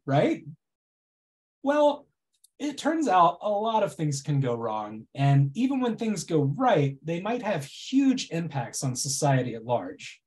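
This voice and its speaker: Presenter, mock-enthusiastic and dryly sarcastic, warm low-key tone. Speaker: presenter at a club meeting. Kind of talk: prepared comic speech.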